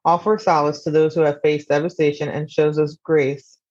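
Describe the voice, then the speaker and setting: Reading a summary aloud over a video call, a young woman who is the host's younger sister speaks as a casual, easygoing podcast guest. Her low-pitched delivery is flat and darkish at a normal speed, in a dry recording with slightly muffled call audio.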